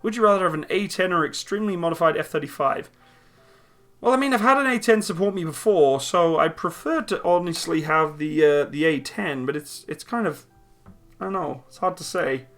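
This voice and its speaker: A man's voice: a little high, expressive, fairly quick, fairly bright tone, faint music behind. A man hosting a casual live stream from a room at home, reading viewer comments aloud and answering them upbeat.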